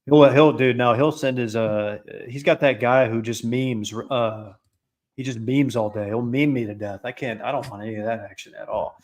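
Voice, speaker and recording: A man's voice: mid-range voice, fairly even intonation, normal speed, darkish tone. A man with a Worcester, Massachusetts accent, co-hosting a casual sports podcast in a playful, teasing way. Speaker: podcast co-host.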